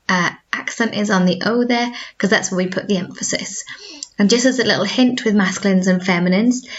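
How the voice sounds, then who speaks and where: A woman's voice: mid-range voice, lo-fi sound. A woman with a Welsh accent who teaches school languages, giving a recorded video lesson and explaining patiently, modelling each word more than once. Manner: clear, patient explaining with repeated model words.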